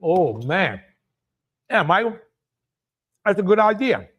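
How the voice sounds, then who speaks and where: High-voiced Louisiana man cooking live. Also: very animated, slow. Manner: chatty, exclamatory, greets viewers and laughs often. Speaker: cooking show host. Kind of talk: casual live cooking stream.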